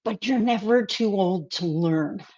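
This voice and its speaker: A woman's voice: medium pitch, unhurried, darkish tone, dull audio. A woman co-hosting a podcast over a video call, talking candidly and laughing at herself. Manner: laughing, candid, self-mocking. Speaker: podcast co-host.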